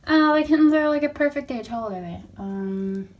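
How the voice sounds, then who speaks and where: Young woman, high voice, cooing over her cats at home, faint room hiss and purring behind. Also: animated, fairly quick, dull audio. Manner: sweet baby-talk to her cats, mixed with chatty asides to viewers. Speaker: pet vlogger. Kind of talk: casual narration while handling kittens. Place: at home beside a cat bed.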